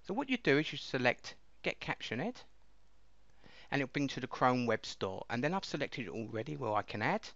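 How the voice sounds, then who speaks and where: A man casually walking viewers through a piece of software step by step, in a chatty explaining way. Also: medium pitch, no room sound. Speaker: software reviewer. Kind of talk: casual screen-recording walkthrough. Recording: dull lo-fi dry mic.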